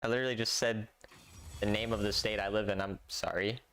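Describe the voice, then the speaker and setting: A man's voice: lowish voice, fairly even intonation, fairly quick, fairly bright tone. Sarcastic young man streaming games. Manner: dry, sarcastic, answers chat with slang. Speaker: livestreamer playing a mobile game. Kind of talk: casual stream chat.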